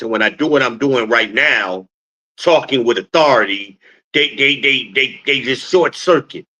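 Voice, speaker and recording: Forceful rambling man on a livestream. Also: medium pitch, highs cut off. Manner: rambling, swears, raises his voice forcefully. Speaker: podcast host. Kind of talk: casual livestream talk. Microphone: phone.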